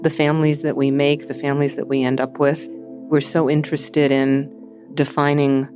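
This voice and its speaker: A woman with a low voice for her sex, hosting a podcast. She narrates and converses in a thoughtful, measured manner, with faint music behind her. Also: flat delivery. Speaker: podcast host.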